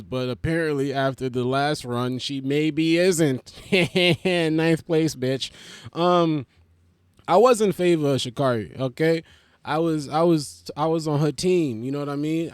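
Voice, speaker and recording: A man with a slightly higher voice rambles through comic stories, cursing freely and slipping into quick put-on voices for the jokes. The sound is dry and close, with no room around it. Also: darkish tone, dry recording. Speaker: comedian host. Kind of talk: comedic monologue.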